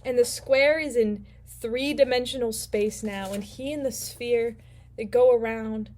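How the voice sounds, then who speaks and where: A woman's voice: fairly high pitch, measured pace, darkish tone. Playful woman casually recapping a book. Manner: rambling, playful, casual slang. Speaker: book vlogger.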